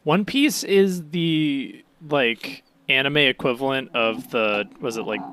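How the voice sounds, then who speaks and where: A man co-hosting a podcast in casual chat, with wry, deadpan jokes and quick laughs, on a close mic. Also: mid-range voice, slight background noise. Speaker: podcast co-host.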